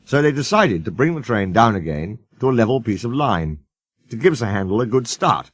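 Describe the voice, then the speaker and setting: A man's voice: medium pitch, dry recording. A man reading a children's storybook aloud as narrator, doing the characters' voices. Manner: slow, lively intonation.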